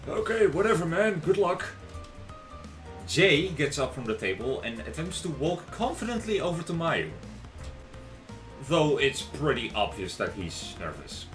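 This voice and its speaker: A man's voice: medium pitch, sing-song, unhurried, fairly bright tone, roomy sound, soft background music. A man streaming live, reading a visual novel aloud in a dry, wry first-person voice.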